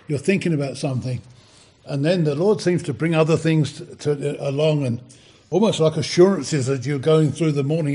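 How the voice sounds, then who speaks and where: A man preaching a sermon in a halting, conversational way, full of fillers and restarts, then reading scripture aloud more loudly and with emphasis. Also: on the high side, husky.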